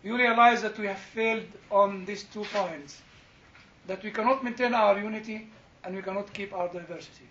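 In a classroom, an older man teaching theology speaks at a moderate pace in a bright, high voice, engaging his students informally. His talk is digressive and full of stories, laughter, and "you know"; the recording is flat and roomy with slight background noise.

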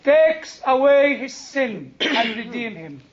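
A male preacher with a very high-pitched voice delivers an animated sermon slowly, questioning his congregation and exclaiming and laughing as he teaches. The audio is dull.

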